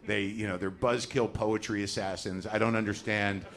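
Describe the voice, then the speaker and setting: A man's voice: fairly low pitch, fairly even intonation, normal speed, a bit bright. Ranting profane male comedian. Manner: ranting, profane, self-deprecating. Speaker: stand-up comedian. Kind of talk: stand-up comedy routine.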